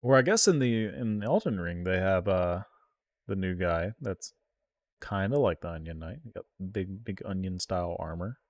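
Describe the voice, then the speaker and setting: A man streaming himself playing an online card game, reacting out loud with yelps and groans and talking to his viewers. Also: low-pitched, normal speed, no room sound, lo-fi sound. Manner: excitable, groans and yelps at the game, talks to chat. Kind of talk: live gameplay commentary.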